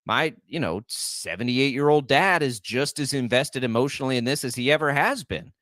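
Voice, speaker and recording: A man's voice: medium pitch, moderate pace, fairly bright tone, dry recording. A man in his forties co-hosting a sports radio show, chatting casually, rambling and heartfelt, with many restarts, into a studio microphone.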